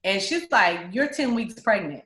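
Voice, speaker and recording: A woman, telling her story openly at a middle pitch. She slips into other people's voices as she recounts them. The recording carries a roomy echo. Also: moderate pace, over music. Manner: candid, animated, acts out other people's voices. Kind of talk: personal storytelling interview.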